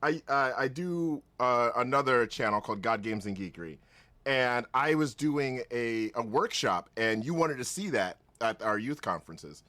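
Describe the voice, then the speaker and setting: A man's voice: medium pitch, expressive, normal speed, pushed and bright, dry recording. A man hosting a casual podcast, rambling with lots of restarts and laughing often. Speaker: podcast host.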